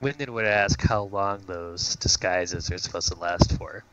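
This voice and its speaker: Low-voiced man asking measured questions. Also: a bit bright, highs cut off. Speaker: player. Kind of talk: casual tabletop play.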